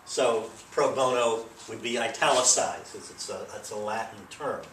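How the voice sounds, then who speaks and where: A man's voice: on the low side, normal speed, a bit bright, slight background noise. A man giving a recorded grammar lesson, explaining in a loose, rambling way with many fillers. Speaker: teacher. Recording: echoey room, mic at a distance.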